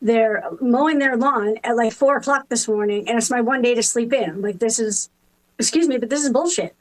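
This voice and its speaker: A woman's voice: on the high side, moderate pace, natural voice, poor audio. A woman playing an irritated caller fuming about her neighbor, cranky and swearing in an improv comedy scene. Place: video call from home.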